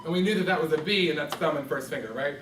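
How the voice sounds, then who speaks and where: Speaking rapid-fire on the high side, a music teacher patiently calls on his students by name to quiz them. He is recorded from a distance in an echoey classroom with background noise.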